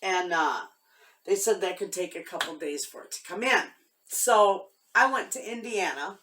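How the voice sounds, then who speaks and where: A woman's voice: mid-range voice, normal speed, pushed and bright, far from the mic. A woman vlogging from her homestead, telling a story in a heartfelt, rambling way with many restarts. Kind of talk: casual chat to camera.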